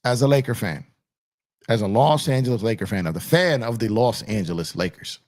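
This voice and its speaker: Speaking a bit fast in a lowish, expressive, darkish voice, a man hosts a spirited basketball talk show and talks right to his chat, calling them "y'all." He's forceful and keeps repeating phrases. The setting is a purple-lit home studio captured by an on-camera streaming mic.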